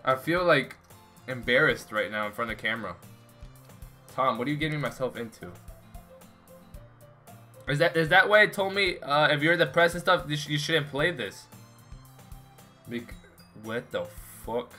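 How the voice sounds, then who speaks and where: A man's voice: medium pitch, animated, normal speed, long pauses, bright, forceful tone, soft background music. A young man streaming a game, rambling and swearing in exasperation while he chats with viewers and friends. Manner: talks to chat and friends. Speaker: gaming streamer. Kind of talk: casual live-stream commentary.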